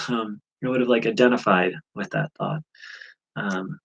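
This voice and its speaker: Husky-voiced American man, halting reflection. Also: on the low side, huge pitch swings, dull audio. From USA. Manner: halting, many fillers and restarts. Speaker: spiritual teacher. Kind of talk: reflective spiritual vlog.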